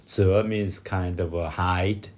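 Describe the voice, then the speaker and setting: A man with a Chinese accent, a native Chinese speaker co-hosting a casual podcast. He talks slowly and in a low voice. He often stops mid-sentence to hunt for the right English word. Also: fairly even intonation. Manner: halting, searching for English words. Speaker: podcast co-host. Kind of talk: casual chat.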